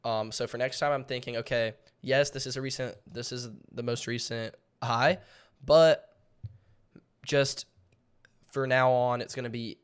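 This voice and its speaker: A man's voice: medium pitch, fairly even intonation, measured pace, smooth. Young guy, loose rambly recap voice, jokingly dramatic, fillers everywhere. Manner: rambling, repeats words, many fillers; jokingly theatrical. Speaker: day trading channel host. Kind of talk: casual trade recap over charts.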